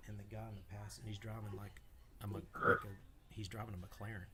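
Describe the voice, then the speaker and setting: Hesitant low man, flat delivery. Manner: hesitant, halting, filler-heavy retelling. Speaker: day trader streaming live. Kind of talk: casual chat. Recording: clearly noisy background.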